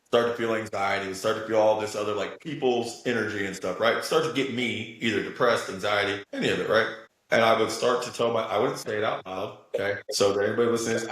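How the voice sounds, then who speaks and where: A man's voice: on the low side, fairly bright tone. A man speaking as a guest in a spiritual interview, earnest and emphatic, often checking in with "right?". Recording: very echoey room.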